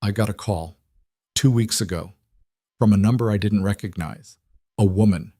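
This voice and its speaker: A man voicing a grandmother in her sixties who speaks in a measured, controlled way while holding back tears. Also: lowish voice, warm tone, dry recording, studio quality, lightly acted. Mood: strained calm.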